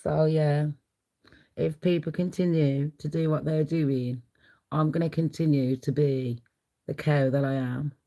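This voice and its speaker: A woman's voice: low-pitched, steady tone, measured pace, warm tone, poor audio. A middle-aged woman hosting a casual livestream, chatty and blunt, laughing often. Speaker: livestream host.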